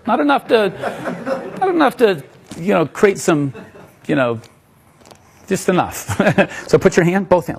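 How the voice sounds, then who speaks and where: Animated husky man lecturing on magic. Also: high voice, unhurried, pauses often. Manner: playful, joking, animated. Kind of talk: live lecture demonstration.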